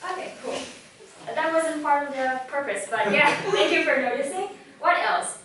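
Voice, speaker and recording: A young woman gives a lively talk on public speaking to a live audience in an event room, telling a personal story, acting out quoted thoughts and asking the audience questions. Her high-pitched voice is moderately paced, picked up by a far-off mic in a very echoey room with slight hiss or hum.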